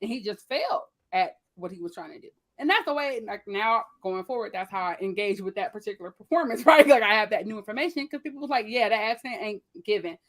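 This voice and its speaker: A woman with features chatting casually on a panel, acting out what people say in lively voices. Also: mid-range voice, quick pace, hardly any pauses. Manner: animated, quotes people in voices.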